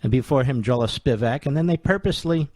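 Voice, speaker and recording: A male talk radio host at mid pitch, sarcastic and combative, firing off rhetorical questions. His voice is close and dry, with no room sound around it. He keeps up a steady opinion monologue. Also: fairly quick, no room sound.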